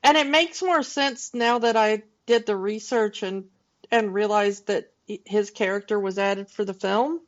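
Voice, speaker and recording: A woman co-hosting a film podcast, talking through her thoughts in an unhurried, casual way. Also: mid-range voice, dull audio. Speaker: podcast co-host.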